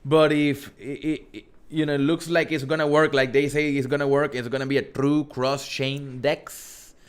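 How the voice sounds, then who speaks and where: A man's voice: mid-range voice, level tone, moderate pace. A man with a thick Spanish accent hosting a casual live stream, reading viewer questions aloud and rambling with many restarts and self-corrections. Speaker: host.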